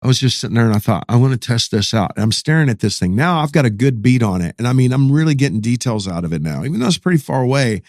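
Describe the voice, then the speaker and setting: A man's voice: mid-range voice, expressive, fast, hardly any pauses, a little mellow, no echo, clean studio sound. A middle-aged man, a pastor, telling a story in casual, slangy podcast talk.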